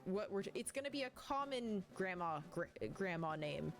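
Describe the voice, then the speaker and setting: A woman's voice: medium pitch, lively intonation, moderate pace, soft background music. A woman streaming a game at home, chatting casually and rambling, often laughing while she reads chat aloud. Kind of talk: casual let's-play chat, reading chat aloud.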